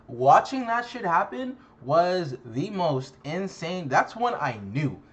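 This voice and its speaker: A man's voice: high-pitched, big pitch swings, takes it slowly, a bit bright. A young man casually recapping a card game tournament, swearing constantly and sounding exasperated and self-mocking. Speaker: card game content creator.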